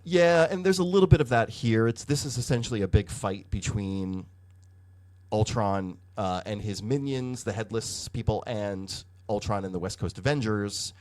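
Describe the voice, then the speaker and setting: A man's voice: on the low side, moderate pace. A man co-hosting a podcast, recapping comics in casual chat, swearing freely and filling his talk with "like". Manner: animated, profane storytelling with hedging fillers. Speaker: podcast co-host.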